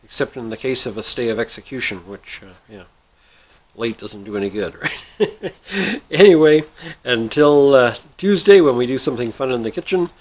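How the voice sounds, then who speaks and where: A man hosting a story and joke segment, who talks in a folksy, chuckling, unhurried way. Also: mid-range voice, animated, darkish tone, low-quality recording. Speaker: host.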